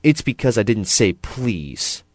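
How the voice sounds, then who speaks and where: A man's voice: fairly low pitch, sing-song, unhurried, dry recording, voice pushed up. A man voicing a grumbling, whiny little girl in a children's storybook. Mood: sulky. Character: little girl, cranky and hungry.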